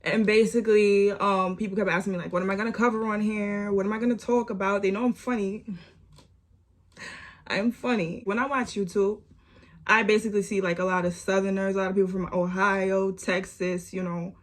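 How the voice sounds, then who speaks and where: A young woman, telling a storytime vlog story with animated repeats and lots of "like". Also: mid-range voice, moderate pace. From New York. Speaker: vlogger.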